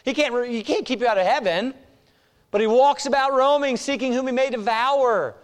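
High-voiced preaching man. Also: moderate pace, smooth, in a large hall. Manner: emphatic preaching, swinging between loud and hushed. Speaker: pastor. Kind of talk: sermon.

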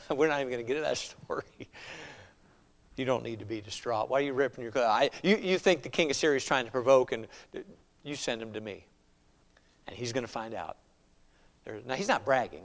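A man's voice: fairly high pitch, animated, brisk, long reverb tail. A man preaching a sermon in a conversational way, chuckling often and tossing in rhetorical asides.

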